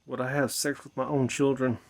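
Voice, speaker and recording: A tipsy man speaks a little fast in a medium-pitched, level voice with vocal fry, rambling to camera outdoors at night beside a bar. As the vlogger "Mother," he swears, repeats himself, and muses to viewers he calls his children.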